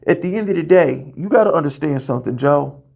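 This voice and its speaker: A man in a heated, profane rant, firing off questions and tripping over repeated words. His voice sits high and swings wildly up and down as he vents. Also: lively intonation, fairly quick, gravelly, a little mellow. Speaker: podcast host. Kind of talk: ranting fan commentary.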